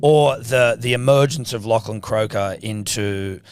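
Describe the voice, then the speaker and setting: A man's voice: lowish voice, a little slow, slight background noise. A man co-hosting a sports podcast, joking and sweary. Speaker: podcast co-host. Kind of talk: casual chat.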